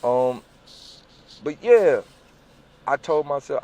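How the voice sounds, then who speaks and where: A man telling a personal story casually and profanely, swinging between loud bursts and hushed lines, acting out the voices in his anecdotes. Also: medium pitch, unhurried. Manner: profane, repeats "on God"; acts out voices in quoted dialogue.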